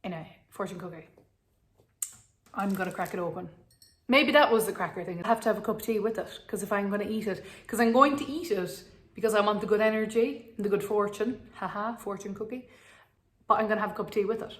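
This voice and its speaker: A woman's voice: mid-range voice, quick pace. Young Irish woman, casual chat vlogger, rambling and self-mocking. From Ireland.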